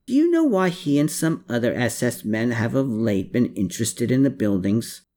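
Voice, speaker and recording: Man voicing a male investigator, persistent, probing questions, slightly raised pitch, lively. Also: moderate pace, lightly acted.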